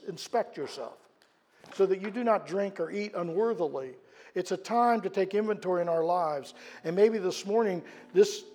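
A man preaching a sermon in a church, earnest, rising to loud emphatic peaks and then dropping low. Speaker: pastor. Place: church sanctuary. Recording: long hall reverb.

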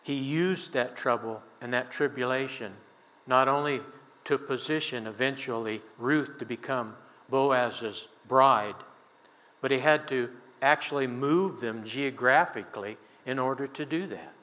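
A man's voice: medium pitch, unhurried, a bit bright, long reverb tail. An older man preaching a sermon in a church, telling a personal story in a folksy, conversational way with chuckles. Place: church sanctuary.

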